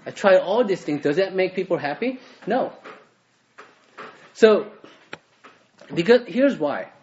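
Conversational preacher with a muffled sound. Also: male voice, high voice, expressive, slow, a little mellow. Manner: conversational, with frequent fillers and restarts. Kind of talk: sermon. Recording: muffled lo-fi recording.

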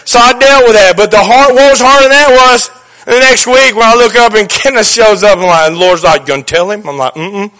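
Folksy preacher with a bright voice. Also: male voice, very high-pitched, fairly quick. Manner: folksy, joking, emphatic preaching. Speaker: pastor. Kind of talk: sermon.

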